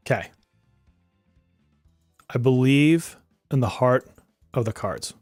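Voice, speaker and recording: Lively, exasperated male game streamer. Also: mid-range voice, takes it slowly, long pauses, no echo, clean studio sound, soft background music. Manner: exasperated, joking, swears and laughs often; talks to chat viewers directly. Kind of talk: live-stream gaming commentary.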